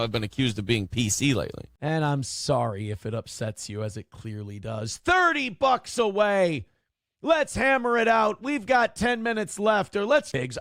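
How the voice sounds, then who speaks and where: Gravelly-voiced man rambling on a livestream. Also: on the high side, fairly bright tone, no room sound, clean studio sound. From Minnesota. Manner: repeated apologetic hedging, rambling. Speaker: livestream host. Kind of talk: casual livestream chat.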